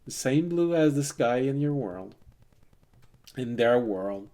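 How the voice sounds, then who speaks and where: A man's voice: medium pitch, lively intonation, slow pace, mellow. A man voicing a polite gnome giving a formal announcement over an intercom.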